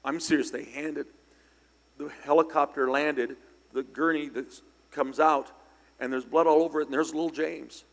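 An older man preaching a storytelling sermon, speaking conversationally with sudden loud, emphatic bursts. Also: fairly high pitch, steady tone, moderate pace. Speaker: pastor. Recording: long church hall reverb.

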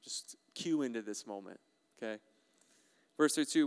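A male pastor preaches with a smooth, resonant voice that rings out with a long hall reverb. His manner is animated and playful, and he keeps putting questions to his listeners. His pitch sits in a middle range for a man. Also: moderate pace, pauses often. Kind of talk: sermon.

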